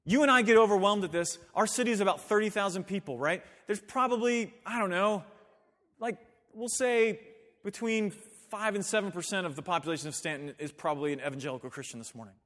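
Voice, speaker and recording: A man's voice: high voice, brisk, fairly bright tone, long reverb tail. A man preaching a sermon to his church, emphatic with conversational asides. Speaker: pastor. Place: church sanctuary.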